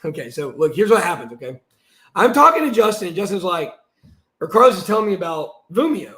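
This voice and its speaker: A man hosting his channel, giving ranting commentary while reading through documents, swearing and swinging from muttering to shouting. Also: sits high, very animated, fairly quick. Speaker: channel host.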